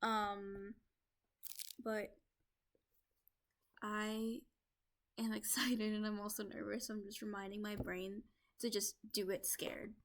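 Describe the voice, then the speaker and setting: A woman's voice: medium pitch, flat delivery, takes it slowly, long pauses, fairly bright tone. Young woman rambling into her laptop mic, lots of "like", casual vlog. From United States. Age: young adult. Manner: rambling, many "like" fillers. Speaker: vlogger. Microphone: laptop microphone. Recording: lo-fi laptop recording.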